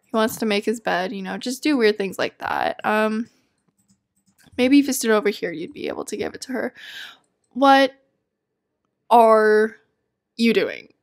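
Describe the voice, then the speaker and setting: A woman's voice: fairly high pitch, animated, measured pace, gravelly, pauses often. A young woman giving casual gameplay commentary, chatty and easily exasperated, laughing often. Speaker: let's play gamer.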